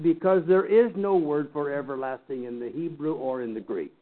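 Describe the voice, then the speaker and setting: Bible teacher, man, higher-pitched, folksy teasing lecture, tinny phone-like sound. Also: moderate pace, few pauses. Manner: folksy, teasing asides to the class. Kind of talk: lecture to a class.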